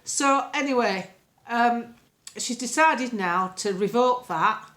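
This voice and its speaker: An older English woman from England vlogging from home into a phone camera, chatting bluntly and meandering through opinions. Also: takes it slowly. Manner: blunt, opinionated, meandering, lively swings in pitch. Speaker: political vlogger. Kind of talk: casual rambling monologue to camera. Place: home, indoors.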